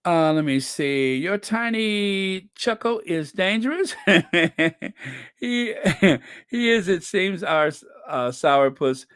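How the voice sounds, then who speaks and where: A man hosting a casual livestream, reading viewer comments aloud slowly and chuckling between them. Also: high-pitched, animated, fairly bright tone, clean tone, no echo, studio quality. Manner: slow and chatty, reads comments aloud with frequent "let me see" and chuckles. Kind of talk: casual live-chat commentary.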